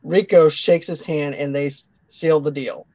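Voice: medium pitch, fairly even intonation, a little slow, dark tone, dry recording. Podcast co-host recapping a film. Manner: recapping plot with frequent restarts. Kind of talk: casual film recap and chat. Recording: dull lo-fi podcast audio.

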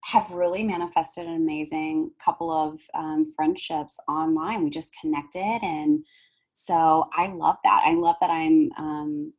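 A woman, a podcast guest telling stories in animated chat and acting out other people's lines. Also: sits low, measured pace, low-quality recording. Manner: animated, acts out others' voices, fillers and restarts. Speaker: podcast guest, manifesting coach. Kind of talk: casual storytelling chat.

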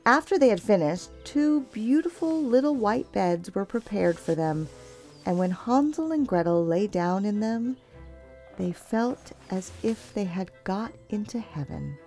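Slow, expressive woman telling a fairy tale. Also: mid-range voice, faint music behind. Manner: measured, expressive storytelling. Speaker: storyteller.

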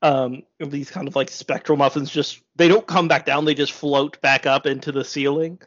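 A game master running a tabletop game, relaxed, often laughing and full of filler words. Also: medium pitch, normal speed. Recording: slightly dull lo-fi audio.

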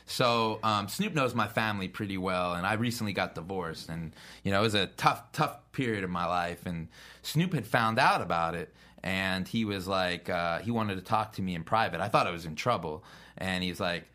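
Bright-voiced man telling animated stories. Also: normal speed. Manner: animated anecdotes, acts out quotes with big pitch jumps. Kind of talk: casual storytelling.

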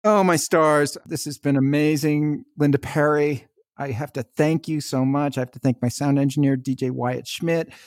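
A man's voice: on the high side, fairly even intonation, moderate pace, darkish tone, dry recording, clean studio sound. Eager, chatty male podcast host. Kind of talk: casual interview chat.

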